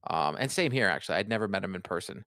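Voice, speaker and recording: A man's voice: sits low, lively intonation, racing, sharp tone, dry recording, studio quality. A man with a Boston accent, co-hosting a podcast and telling rambling stories in casual chat. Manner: rambling storyteller with many restarts. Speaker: podcast co-host.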